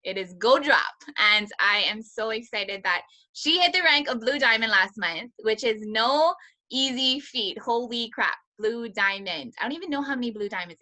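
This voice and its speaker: A woman from Hawaii hosting a team video call, excitedly introducing a guest and laughing easily. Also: fairly high pitch, normal speed.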